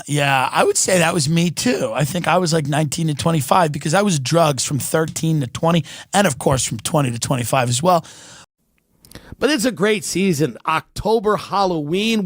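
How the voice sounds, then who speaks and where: A man's voice: on the high side, normal speed, no room sound. A man doing a profane, sarcastic comedic rant, mocking and swearing as he goes.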